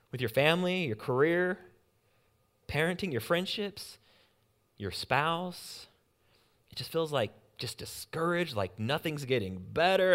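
Lively young pastor preaching. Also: male voice, on the high side. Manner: lively, swings between loud urgency and quiet emphasis; acts out anxious inner voices with humor. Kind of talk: sermon.

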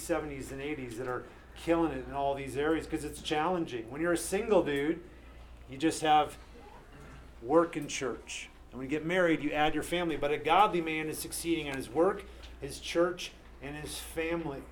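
A man in his thirties preaching an earnest, animated sermon to a men's group as pastor. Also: a little high, a little fast, a little hiss or hum. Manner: earnest, animated, acts out quoted voices.

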